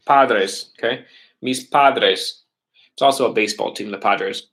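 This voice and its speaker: A man's voice: medium pitch, a little slow, fairly bright tone. Casual man teaching a remote lesson. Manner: casual, chatty, often checks in with "right?". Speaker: Spanish teacher.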